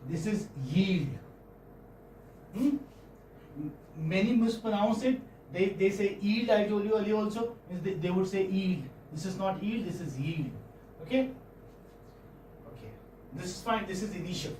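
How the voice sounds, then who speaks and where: A fairly high-voiced man teaching a phonetics class, speaking from a distance in an echoey room with faint hiss behind him. He talks patiently and keeps checking in with his students. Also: expressive, normal speed, long pauses, warm tone. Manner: patient, checks in often with "okay?" and "hmm?". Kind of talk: classroom lecture. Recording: echoey classroom, mic far off.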